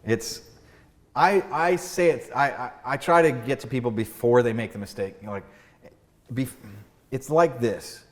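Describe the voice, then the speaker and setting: A man hosting a podcast as an estate planning lawyer, chatting casually with lively storytelling and frequent restarts. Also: moderate pace. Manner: animated storytelling, acts out doctor skits with big pitch jumps; fillers and restarts, laughs at own jokes. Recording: room with long reverb.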